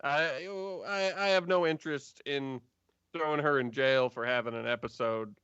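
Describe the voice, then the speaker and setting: A man's voice: medium pitch, moderate pace, clear, resonant tone, no echo, muffled recording, natural voice. A man playing a weary city guard. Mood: firm. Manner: calm, firm, trying to defuse.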